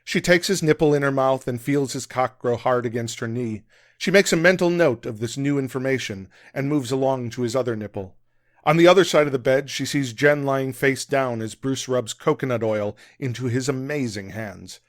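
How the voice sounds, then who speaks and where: A man reading his own novel aloud as a podcast guest, with steady, measured narration. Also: mid-range voice, no echo, clean studio sound. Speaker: author and guest.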